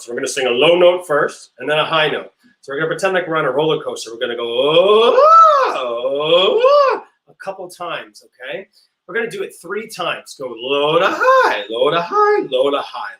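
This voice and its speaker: A man teaching a music class, playful and encouraging, leading silly vocal warm-ups and singing notes to demonstrate. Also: fairly high pitch, animated, fast, reverberant, rough recording. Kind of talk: online music class for kids.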